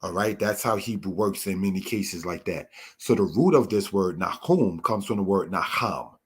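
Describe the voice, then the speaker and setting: A man teaching a Torah lesson, explaining word meanings in a measured way and addressing his listeners as brothers and sisters. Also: deep voice, animated, slightly rough. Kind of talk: slow spoken Bible lesson.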